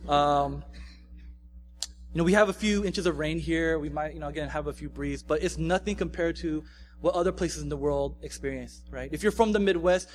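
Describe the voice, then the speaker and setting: A man's voice: fairly high pitch, normal speed, a little hiss or hum. A young adult man, a pastor, preaching a casual, conversational sermon, often checking in with his listeners. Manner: casual, conversational, frequent "right?" tags.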